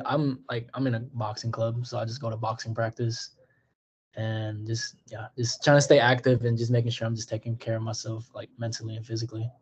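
A man's voice: medium pitch, highs cut off. A young man, a college student, talking in an easygoing way in a casual group chat, with lots of "like" fillers. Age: young adult.

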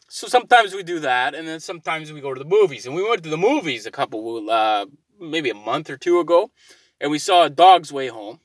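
Male storyteller, slightly high pitch, loose and profane, dry recording. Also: expressive, brisk, dry recording. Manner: rambling, profane, gets loud and exasperated. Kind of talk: casual storytelling monologue.

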